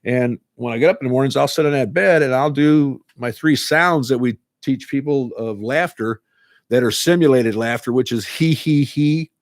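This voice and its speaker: A man's voice: mid-range voice, moderate pace, no room sound, clean studio sound. A man who teaches a laughter club, talking earnestly and casually and repeating words as he goes. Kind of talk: casual talk to camera.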